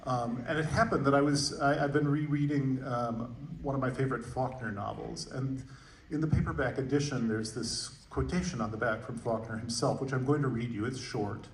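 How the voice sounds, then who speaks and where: A man moderating a post-screening Q&A, musing aloud with many pauses and fillers. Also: medium pitch, a little hiss or hum. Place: movie theater stage. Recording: roomy, distant theater audio.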